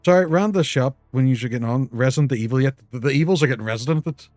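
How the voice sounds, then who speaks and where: A man's voice: mid-range voice, fast, darkish tone, dry recording, clean studio sound, faint music behind. Rambling, joking man on a gaming stream. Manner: joking, rambling storyteller, sweary. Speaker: guest co-op player. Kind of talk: casual gaming stream chat.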